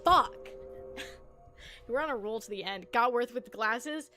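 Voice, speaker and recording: Woman, streamer, playful chatter, slightly high voice, music playing underneath. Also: brisk, a bit bright. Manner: playful, giggly, stumbles over tongue twisters. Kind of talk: casual live-stream chat while gaming. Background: background music.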